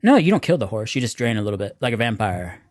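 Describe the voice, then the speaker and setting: A man's voice: on the low side, very animated, fast, no room sound, studio quality. A man co-hosting a podcast, chatting casually about a movie and laughing along. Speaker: podcast co-host. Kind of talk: casual movie review chat.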